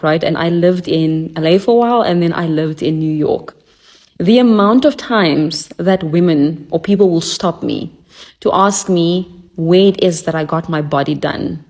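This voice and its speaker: A young South African woman with a South African accent, chatting and telling stories in a casual reaction video, laughing often. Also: fairly low pitch. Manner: animated, laughing, storytelling. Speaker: social media creator.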